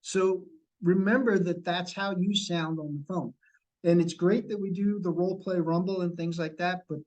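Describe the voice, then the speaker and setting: A man's voice: sits high, a little mellow, low-quality recording. A middle-aged man leading a sales training session over a video call, coaching and repeating key points. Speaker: real estate sales trainer.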